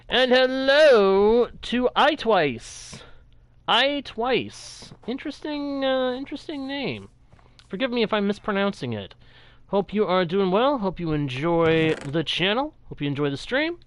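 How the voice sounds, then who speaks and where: A man's voice: high-pitched, a bit bright, smooth. A man streaming a video game, chatting casually and greeting viewers from chat in a friendly way. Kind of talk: live gameplay commentary with chat greetings.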